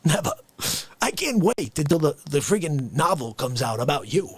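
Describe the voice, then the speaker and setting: A man doing a comedic rant, swinging between shouting and hushed whispers. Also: fairly high pitch, very animated, a little slow, breathy edge, no room sound.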